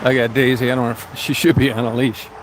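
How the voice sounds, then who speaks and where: A man's voice: medium pitch, little pitch movement, fast talker. A man vlogging outdoors at a scenic turnout, chatting and coaxing his dog in a casual way. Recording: noisy outdoor wind and traffic.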